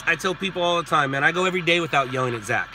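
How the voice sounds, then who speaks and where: A man's voice: fairly high pitch, racing. A man hosting a live stream, chatting and joking in a rambling way while driving at night. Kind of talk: casual chat while driving. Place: inside a car at night. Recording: road and car noise behind.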